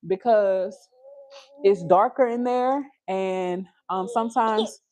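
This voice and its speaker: A woman's voice: mid-range voice, slow pace, a little mellow. A young woman chats casually to her livestream viewers from a busy family home. She keeps breaking off to coax and scold her toddler, then picks the chat back up. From Houston, Texas. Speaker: livestream host.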